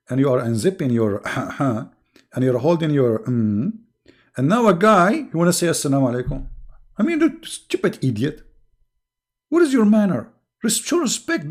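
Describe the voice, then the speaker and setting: A man's voice: on the high side, big pitch swings, moderate pace. Sarcastic man hosting a livestream. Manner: sarcastic, mocking, clears throat often. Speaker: livestream host. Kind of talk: commentary monologue.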